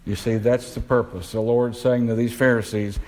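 A man preaching a sermon, putting questions to the congregation and slowing down to stress key words. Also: medium pitch, flat delivery, darkish tone, rough recording.

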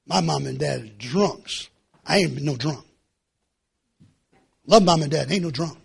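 Impassioned gravelly preacher man. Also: on the high side, a little slow, long pauses. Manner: impassioned, repetitive, swinging between shouting and hushed pleading. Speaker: pastor. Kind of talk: sermon.

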